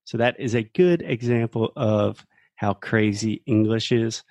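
A man's voice: fairly low pitch, unhurried, a little mellow, no room sound. A man, co-hosting a casual podcast chat and patiently explaining English pronunciation. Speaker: co-host teaching English.

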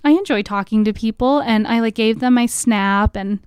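A young woman talks in a loose, rambling monologue, sprinkling "like" everywhere and laughing often. Her voice is smooth and a little high. The studio sound is close and dry. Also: moderate pace, darkish tone, no echo. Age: young adult. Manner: chatty, filler-heavy with frequent "like", laughs often. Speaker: podcast host. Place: college radio studio.

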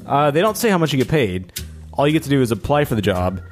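A man co-hosting a podcast, chatting casually and teasing his friends in lively banter. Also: medium pitch, fast, soft background music. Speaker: podcast co-host. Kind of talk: casual chat.

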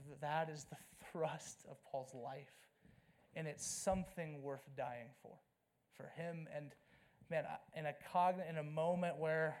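A man in his thirties preaches to his congregation in a high voice. He talks casually, then turns emphatic, dropping to a hush and rising to loud bursts. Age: 30s. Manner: conversational and emphatic, swinging from hushed to loud. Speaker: pastor. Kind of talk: sermon.

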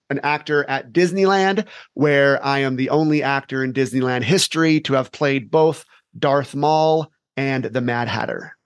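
A man who coaches teens, telling stories in an animated, energetic way in a casual podcast interview. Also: on the high side, no room sound, studio quality. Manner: animated, energetic storyteller who acts out scenes. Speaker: teen life coach.

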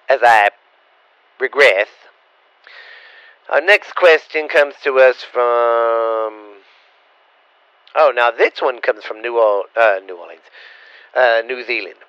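A man's voice: medium pitch, fairly bright tone, dry recording. Rambling, stammering middle-aged man. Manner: stammering, rambling, profane and blunt. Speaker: vlogger answering viewer questions. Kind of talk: casual rambling Q&A. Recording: dull lo-fi recording.

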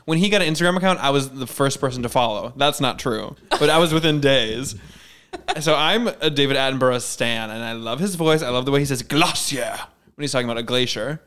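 A young man co-hosting a podcast in casual chat, playful and quick to laugh, with jokey asides. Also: mid-range voice, a bit bright, smooth. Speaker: podcast co-host.

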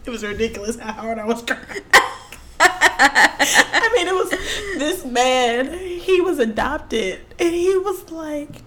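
A woman's voice: high-pitched, lively intonation, slow, sharp tone, a little hiss or hum. A woman co-hosting a podcast, telling stories in casual, colloquial speech and laughing often. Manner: laughing, emotional storytelling with colloquial phrasing. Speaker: podcast co-host. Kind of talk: casual chat.

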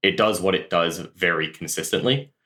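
Male guest, very low voice, earnest and thoughtful interview answers. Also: moderate pace, pushed and bright. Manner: thoughtful, earnest, with many fillers and restarts. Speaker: guest tabletop tournament player. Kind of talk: casual podcast interview answers.

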